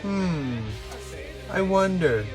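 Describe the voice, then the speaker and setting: A man hosting a casual monologue recommending movies, rambling excitably with jokey asides. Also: sits high, very slow, music in the background.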